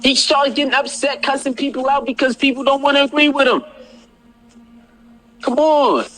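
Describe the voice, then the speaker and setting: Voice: high voice, fairly even intonation, moderate pace, a bit bright, soft background music. A speaker in a played video clip, ranting in a confrontational, repetitive, scolding way.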